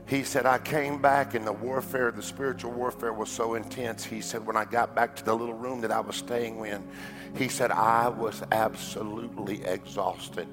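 A middle-aged man preaching a sermon, telling a story that builds to a fervent, shouting climax. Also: medium pitch, flat delivery, normal speed, over music. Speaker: pastor. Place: large church auditorium.

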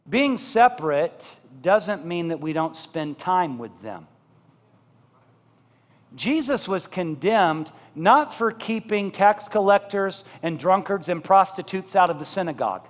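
A male pastor with a high voice delivers a sermon in a church sanctuary, his words trailing off into long hall reverb. He swings between loud, emphatic build-ups and soft, slow pleas, often asking the congregation questions. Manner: talks directly to the congregation with questions.

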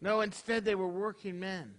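A man's voice: sits high, steady tone, moderate pace, fairly bright tone. A man, a rabbi preaching a casual, conversational sermon to his congregation, tossing out rhetorical questions. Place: congregation hall.

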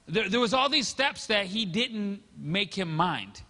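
A middle-aged man preaches in a long, ringing hall, his voice pitched high and bright. He tells stories in his sermon and acts out what each person said. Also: expressive, a little slow, hardly any pauses. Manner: storytelling, acts out quotes. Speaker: pastor.

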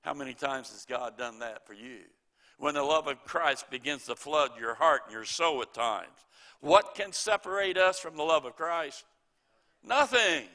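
A man's voice: a little high, a little slow, pushed and bright. A middle-aged man preaching a sermon, quoting scripture and telling folksy stories with chuckles.

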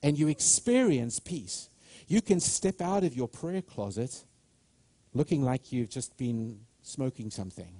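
A man's voice: medium pitch, lively intonation, unhurried, warm tone. A middle-aged man preaching a sermon with fervent delivery, often repeating and restarting words as he builds momentum.

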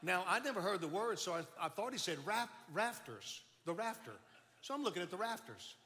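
An older man telling his life story as a testimony, folksy and animated, often restarting his words. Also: sits high, a little fast. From Baton Rouge, Louisiana. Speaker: speaker giving testimony. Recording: long hall reverb.

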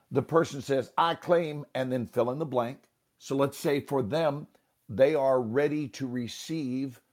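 Animated man teaching an improv game. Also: mid-range voice. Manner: animated, rhythmic chanting and snapping; occasional coughs, pauses to sip water. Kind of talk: conversational teaching.

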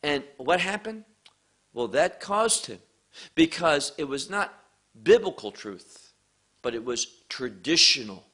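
A man teaching a sermon at a slow, deliberate pace, leaning hard on key words. His voice is bright and a little high, and it swings widely in pitch as he stresses each point. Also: sing-song. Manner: emphatic, rising and falling for emphasis, slow deliberate phrasing. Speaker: preacher.

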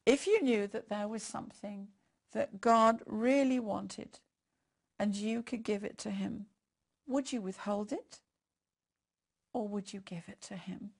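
Older woman preaching with gravelly voice. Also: medium pitch, measured pace, pauses often. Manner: warm storytelling, leads prayer. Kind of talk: devotional sermon.

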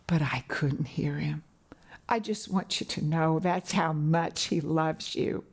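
Breathy, unhurried woman preaching. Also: low voice, steady tone. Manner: earnest, swings between soaring and hushed whispers. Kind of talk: televised sermon.

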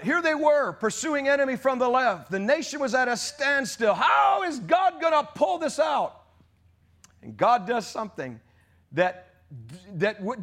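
A man preaching a fiery sermon, shouting and rising to outrage. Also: very high-pitched. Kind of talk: charismatic sermon.

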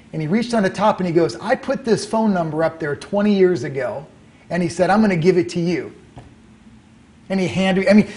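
A middle-aged man telling his story as an interview guest, animated and acting out the lines he quotes. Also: high voice. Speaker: author and guest.

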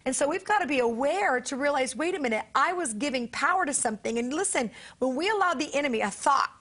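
A woman's voice: sits high, expressive, fast, fairly bright tone. A woman guest on a faith talk show, telling a personal story in earnest and acting out the dialogue as a preacher and author.

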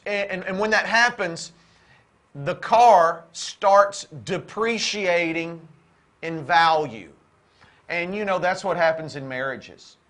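A high-pitched man preaching about marriage with rising fervor, repeating phrases and pushing toward near-shouts. His voice sits well above the usual male range, and his delivery swings between quick runs and slow, stressed words. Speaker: co-host of a Christian marriage show. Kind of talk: preaching-style talk.

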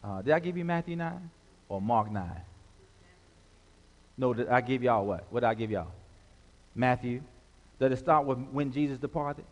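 A man's voice: mid-range voice, lively intonation, normal speed, pauses often. A man preaching a sermon as pastor, working the congregation with call-and-response and stretched-out emphasis. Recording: long hall reverb.

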